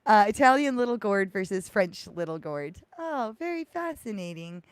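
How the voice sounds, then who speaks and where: An American woman hosts a casual call-in show. She rambles and restarts a lot and breaks into giggles. Her voice sits at an average pitch, recorded dry and close. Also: big pitch swings, moderate pace, clear, resonant tone, no echo. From United States. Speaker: host. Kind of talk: casual live-show chat.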